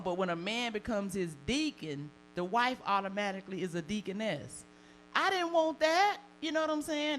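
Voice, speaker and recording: A woman from the Deep South with a Southern accent, performing bawdy, animated live stand-up comedy and laughing at her own jokes. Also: a little hiss or hum, poor audio. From Deep South of the United States. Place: comedy stage before a live audience.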